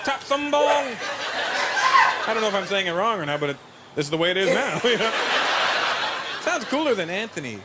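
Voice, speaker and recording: A man's voice: sits high, animated, quick pace, pauses often. A man performing stand-up, teasing an audience member with playful crowd work. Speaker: stand-up comedian. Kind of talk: stand-up routine. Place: comedy stage before a live audience. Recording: live show with loud crowd and noise.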